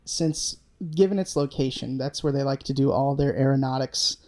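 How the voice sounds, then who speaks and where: A man's voice: mid-range voice, moderate pace, a little mellow. A man co-hosting a casual podcast, making dry, wry asides. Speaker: podcast co-host. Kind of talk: casual chat.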